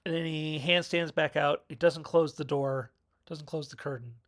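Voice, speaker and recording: A man's voice: a little high, steady tone, normal speed, fairly bright tone. A man rambling through a casual, jokey film review on his own video channel.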